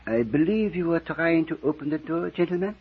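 A stiff, icily courteous gangster waiter in an old radio drama, every word laid out formally. The voice is breathy and husky, and the recording is dull and muffled like an old radio broadcast. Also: male voice, fairly high pitch, lively intonation, a little fast. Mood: menacing polite. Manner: stiff, formal, repeats "gentlemen". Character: coldly polite male gangster waiter with a gun. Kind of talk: 1940s radio acting.

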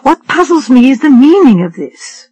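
A woman's voice: sits high, big pitch swings, normal speed, mellow, breathy edge, no room sound, pitched above the performer's own voice, heavily acted, rough recording. A woman reader voicing a practical female nurse in a firm, matter-of-fact way.

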